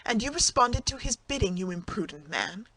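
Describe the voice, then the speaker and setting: An audiobook narrator voicing a passionate young woman who reproaches her husband indignantly, in a clear reading voice. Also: mid-range voice, sing-song, normal speed, pushed and bright, dry recording, full character voice, low-quality recording. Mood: urgent.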